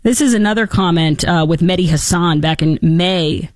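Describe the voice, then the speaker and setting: A woman's voice: lowish voice, moderate pace, no echo. A woman hosting a political talk show, giving opinionated commentary with sarcastic, mocking asides.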